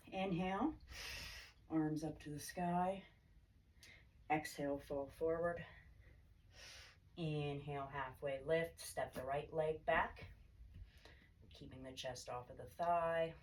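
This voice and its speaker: A woman yoga instructor calmly cueing poses and breaths in a guided class, her throat a little choked up. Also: low voice. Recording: distant mic with faint background hiss.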